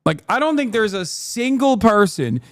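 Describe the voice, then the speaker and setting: A man's voice: high voice, sing-song, normal speed, no echo, studio quality. A man giving casual livestream commentary on a debate clip, sarcastic and heated, swearing and laughing often. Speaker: streamer reacting to a debate clip.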